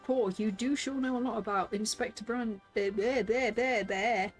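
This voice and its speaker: A woman's voice: a little high, normal speed, faint music behind. A woman streaming a game, chatting playfully with viewers and reading character lines aloud with lots of laughter.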